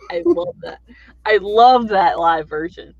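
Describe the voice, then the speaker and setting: A man's voice: high-pitched, very animated, unhurried, no echo. Rambling man on a dull, dry mic. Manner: rambling, folksy storyteller with fillers. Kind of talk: casual chat.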